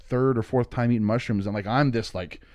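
A man in his thirties telling a wild story, animated and swearing, acting out what people said. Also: mid-range voice, brisk, no room sound. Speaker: comedian guest. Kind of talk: casual storytelling. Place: studio.

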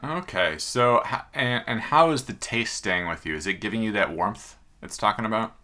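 A man co-hosting a casual podcast in a bright, forward voice. He sits a little low in pitch and keeps things upbeat and jokey. He asks his partner question after question. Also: animated, moderate pace. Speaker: podcast co-host. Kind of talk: casual chat.

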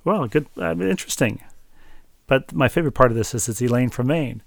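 A man's voice: medium pitch, lively intonation, brisk, gravelly, dry recording, studio quality. A man co-hosting a podcast in a casual, chatty way, reading out listener emails with playful wordplay. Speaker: podcast co-host.

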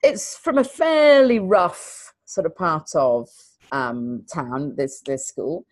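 A woman's voice: low voice, takes it slowly, no room sound. Earnest woman, dry close sound. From England. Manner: earnest, animated storytelling with repeated emphasis. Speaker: teacher and guest. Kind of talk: conversational interview.

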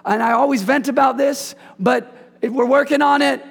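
High-voiced gravelly preacher in a reverberant church. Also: male voice, steady tone, normal speed. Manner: playful call-and-response preaching with laughs. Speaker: pastor. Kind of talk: sermon. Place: church sanctuary. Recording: long reverb of a church hall.

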